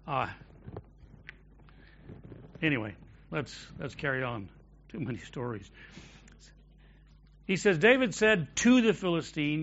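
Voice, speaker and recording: A pastor preaches in a bright, forceful voice pitched a little high for a man. He swings from loud, emphatic declarations down to quiet, intimate storytelling. The recording sounds somewhat dull and lo-fi. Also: animated, takes it slowly, long pauses. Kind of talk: sermon. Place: church.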